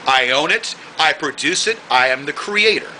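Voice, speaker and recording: A man with a high voice rants straight to the camera, hurling insults and repeating himself. His tone is piercingly bright and cutting, and he slows right down to hammer each point home. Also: expressive, a little hiss or hum, rough recording. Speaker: video blogger. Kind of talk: angry ranting monologue to the camera.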